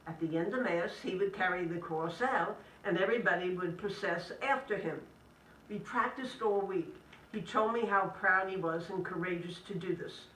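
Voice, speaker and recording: A woman, a Catholic sister, giving an inspirational talk to a live audience in gentle, measured phrases. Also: lowish voice, slight background noise. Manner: gentle, measured delivery in short list-like phrases. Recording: echoey room, speaker distant from the mic.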